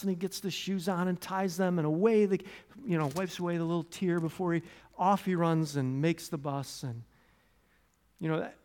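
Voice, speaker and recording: Preaching conversationally, the American pastor keeps restarting and tossing in asides. He gets loud and animated during stories, then quiet and low when he prays.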